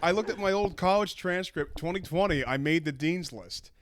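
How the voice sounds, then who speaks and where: A man's voice: sits high, normal speed. A young man in his twenties, a podcast co-host, telling stories in a rambling casual way with many restarts. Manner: rambling, restarts, bursts into shouting. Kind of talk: casual chat.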